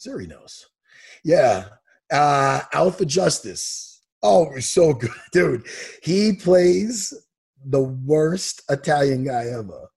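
Animated gravelly New man. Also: on the high side, takes it slowly. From Long Island, New York. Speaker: podcast co-host. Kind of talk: casual chat. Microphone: video call.

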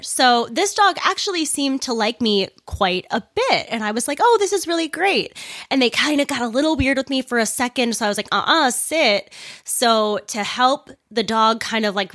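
A woman's voice: on the high side, fairly bright tone, no room sound. Chatty young woman, dry close mic. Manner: chatty, candid, laughs often, swears casually. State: sore upper lip, talks without using it. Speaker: podcast host. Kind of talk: casual storytelling monologue.

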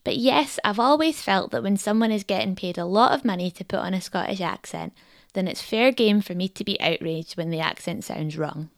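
A woman hosting a podcast in scripted narration, wry and reflective. Her voice has a gravelly, creaky texture. It is close and dry, with no room sound. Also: medium pitch, a little fast, no room sound. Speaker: podcast host.

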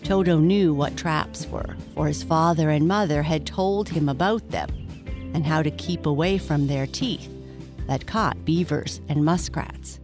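A woman reading a bedtime story aloud, gentle and measured. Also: low voice, over music.

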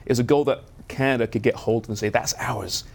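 A man's voice: medium pitch, steady tone, fast, a little mellow. A man speaking as a soccer analyst on a studio sports panel, earnest and enthusiastic, often restarting his phrases.

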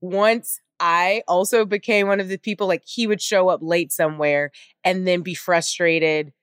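Low-voiced woman podcast host. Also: fairly even intonation, moderate pace, clear, resonant tone, no room sound, studio quality. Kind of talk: casual interview conversation.

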